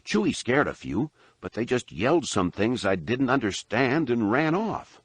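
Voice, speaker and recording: A man voicing an earnest, eager teenage boy, pitching his voice up somewhat. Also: big pitch swings, unhurried, slightly rough, dry recording.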